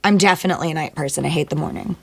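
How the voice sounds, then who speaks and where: Lowish-voiced woman, chatty and playful. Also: creaky. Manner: chatty and playful, quick one-word answers. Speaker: singer and actor being interviewed. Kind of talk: casual interview answers.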